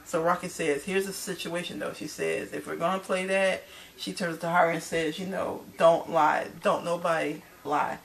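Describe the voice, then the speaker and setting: A woman's voice: on the low side, level tone, fairly quick, vocal fry. A woman casually recapping a TV episode to her viewers, chatty and loose, calling them y'all. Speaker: TV show recapper.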